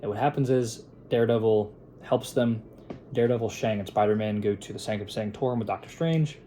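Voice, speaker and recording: Young guy recapping a movie at his desk, rambly, lots of ums, mellow kinda dark voice, bit of hiss. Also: on the low side, fairly quick. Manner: rambling, with frequent fillers and restarts into quoted voices. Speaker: film reviewer. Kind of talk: casual plot recap and review. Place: at his editing table.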